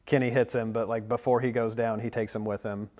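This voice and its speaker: A man's voice: medium pitch, flat delivery, brisk, a little mellow. A man in his thirties recapping a movie on a casual podcast, rambling with plenty of fillers and likes. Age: 30s. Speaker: podcast co-host.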